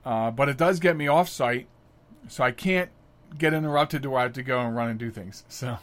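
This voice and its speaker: A middle-aged man hosting a podcast, telling stories casually, chatty and animated, often laughing. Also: mid-range voice, fairly quick. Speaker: podcast host. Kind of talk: casual storytelling monologue.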